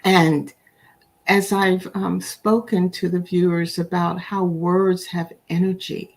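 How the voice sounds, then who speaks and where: A middle-aged woman hosting an interview, speaking gently and thoughtfully, often restarting her phrases. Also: fairly low pitch, level tone, slow. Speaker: host. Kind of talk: interview, reflective talk.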